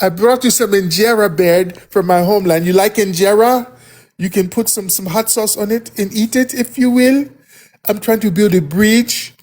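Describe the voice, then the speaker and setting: A man putting on a high, fawning meek voice. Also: darkish tone. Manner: meek, wheedling, sing-song. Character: fawning, overly humble man begging for peace.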